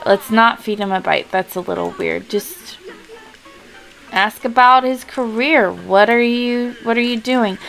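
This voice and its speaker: Woman host narrating a life-sim game, slow and giggly, soft music under. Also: fairly high pitch, gravelly, low-quality recording. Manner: chatty, giggly, unhurried. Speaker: let's-play host. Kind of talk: casual gameplay commentary.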